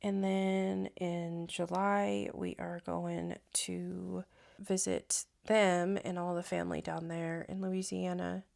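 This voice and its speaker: A young woman, a stay-at-home mom, talking to camera in a casual vlog, soft and reflective with many hesitant fillers. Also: on the low side, flat delivery, slow pace. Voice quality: gravelly vocal fry.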